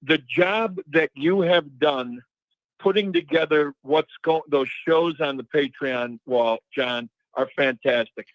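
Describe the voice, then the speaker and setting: An earnest male caller from Chicago who makes his points with emphasis. His voice is fairly high. The line sounds dull and dry. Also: slow pace, no echo. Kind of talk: call-in opinion.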